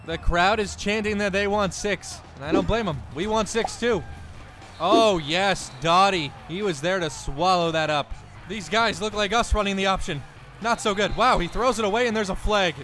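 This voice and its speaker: A young man giving casual, jokey play-by-play of a football video game, excitable, with his voice cracking now and then. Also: sits high. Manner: excitable, jokey, quick outbursts. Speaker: gaming YouTuber.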